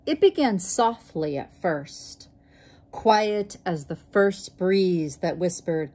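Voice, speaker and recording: A woman reads a picture book aloud at a slow, unhurried pace. Her voice sits on the lower side and she shapes each line expressively. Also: animated, darkish tone. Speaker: storybook reader.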